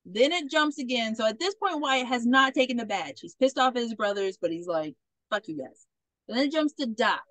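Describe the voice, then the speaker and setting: A woman hosting a podcast, recapping a movie in a casual, rambling way with plenty of swearing and quick impressions. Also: a little high, animated, fairly bright tone, dry recording, poor audio. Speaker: podcast host.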